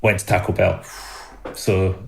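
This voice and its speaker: Gravelly Scottish man telling a story. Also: low-pitched, measured pace. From Scotland. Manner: animated anecdote-telling with laughs. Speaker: guest. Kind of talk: storytelling in a podcast interview.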